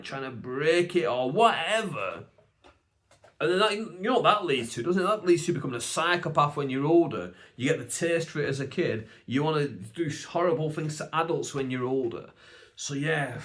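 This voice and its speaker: A young man with a Bolton accent, a stand-up comedian telling funny stories from his childhood on his podcast in a loose, chatty way. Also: a little high. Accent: Northern English, Bolton. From England. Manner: animated, acts out family voices, chatty asides to the viewer. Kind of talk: casual comic storytelling.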